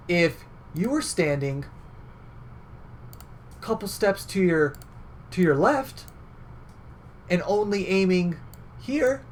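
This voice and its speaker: This high-pitched young man is giving relaxed, chatty game coaching, tossing in lots of fillers and a frequent "right?" Slight background noise can be heard.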